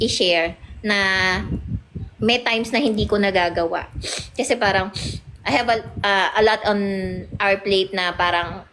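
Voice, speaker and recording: A Filipino-accented woman talks as a guest in a relaxed interview, pausing often and searching for words. Her voice sits at an ordinary middle pitch with faint background noise. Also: low-quality recording. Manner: hesitant, warm, apologetic, many fillers. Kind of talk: casual interview chat.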